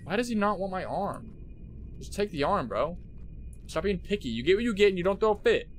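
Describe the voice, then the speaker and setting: A young man streaming a horror game, jumpy and swearing, talking to his chat and shouting at those who laugh at him. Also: high-pitched, very animated, fairly quick, slight background noise. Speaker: gaming streamer. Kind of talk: live horror game commentary. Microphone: headset.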